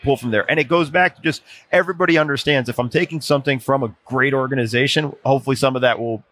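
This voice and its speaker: A man guest on a casual sports podcast, telling animated anecdotes and often restarting his sentences. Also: mid-range voice, fast talker. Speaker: podcast guest, former NBA video coordinator. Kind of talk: casual storytelling chat.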